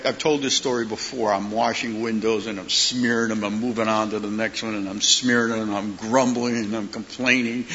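A middle-aged man preaching a sermon as a pastor, telling stories animatedly and acting out the voices in them. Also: medium pitch. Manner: animated storyteller, acts out voices in his stories. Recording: long hall reverb, dull lo-fi sound, faint hiss.

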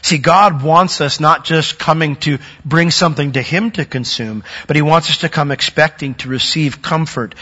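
A man preaching a sermon, earnest, growing louder and higher when he acts out a worshipper's doubts. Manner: earnest, rising in pitch and force when acting out a doubting worshipper's words. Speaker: pastor. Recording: dull sound with long hall reverb.

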